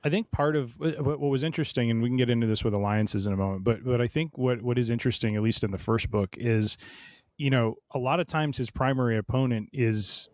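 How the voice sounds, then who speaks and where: A man's voice: mid-range voice, quick pace, darkish tone, dry recording. A podcast host talks through a book discussion at an easy, meandering pace, circling back and restarting his thoughts. His voice sits in a middle register. The sound is dry and close, with no room around it. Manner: rambling, many restarts and fillers.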